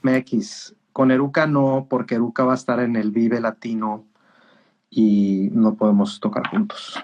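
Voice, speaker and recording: A man's voice: medium pitch, flat delivery, normal speed, a little mellow, a little hiss or hum, low-quality recording. Playful, joking livestream host, a man. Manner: playful, jokey banter. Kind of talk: casual livestream chat.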